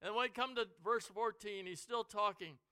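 A man delivers a sermon in a very high, bright and smooth voice, dropping low and quiet, then climbing to shouts. The sound is dry and close, from a headset mic. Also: moderate pace, no room sound. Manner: dramatic, swings from quiet to shouting. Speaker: preacher.

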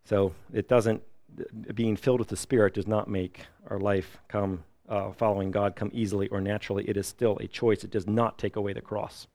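A man's voice: lowish voice, moderate pace, no room sound. Man preaching with a dry close sound. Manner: animated preaching, acts out quoted voices. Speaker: pastor. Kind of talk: sermon.

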